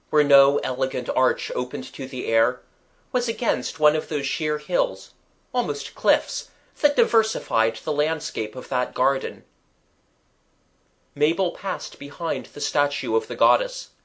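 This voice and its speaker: A man narrating a children's audiobook chapter in a measured, expressive storytelling manner. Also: mid-range voice.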